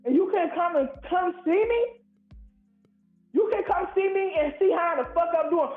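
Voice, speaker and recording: A man's voice: very high voice, animated, normal speed, faint music behind. A man from Ohio calling in to a live show, ranting in a heated, profane, rambling way. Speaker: caller. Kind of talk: angry call-in rant. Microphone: phone call. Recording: tinny echoey phone line.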